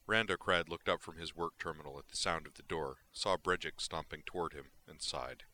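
A man reads a science fiction story aloud in a steady, even way. His voice is low yet crisp and bright. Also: a little fast. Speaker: narrator. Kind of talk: audiobook reading of sci-fi fiction.

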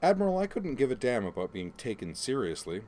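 A man's voice: medium pitch, sing-song, a little mellow, voice pushed up, natural voice. A man reading aloud, voicing a confident young woman officer who speaks bluntly and with determination. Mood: determined. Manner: brisk, frank, determined.

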